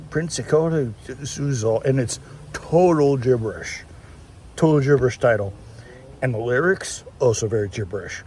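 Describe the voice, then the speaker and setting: Mellow-voiced man rambling on a walk. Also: medium pitch, a little hiss or hum. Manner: rambling, chatty, many restarts. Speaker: vlogger. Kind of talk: casual walking vlog chat. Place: outdoors, walking through town. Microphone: handheld phone.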